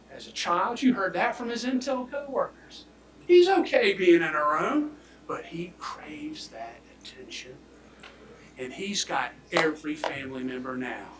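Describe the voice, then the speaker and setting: A man delivers a prosecutor's closing argument, speaking emphatically and swinging between loud declarations and hushed near-whispers. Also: a little high. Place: courtroom. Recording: echoey courtroom audio from far off.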